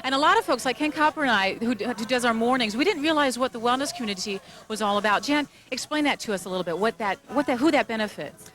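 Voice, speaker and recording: An upbeat female TV host speaking outdoors at a fairground, rattling along quickly. Her voice sits a little high. She is chatty and enthusiastic, plugging the event. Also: animated, fairly bright tone. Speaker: TV station host. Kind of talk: upbeat promotional host chat.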